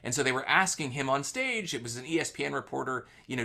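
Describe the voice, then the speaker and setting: A man's voice: mid-range voice, animated, fast, creaky, bright, forceful tone. A man hosting a live webinar, telling an anecdote casually with lots of fillers before summing up sales tips. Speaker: host.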